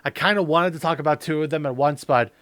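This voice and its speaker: A man hosting a casual podcast, rambling with lots of fillers and quick laughs. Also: fairly high pitch, fairly bright tone, no room sound. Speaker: podcast host.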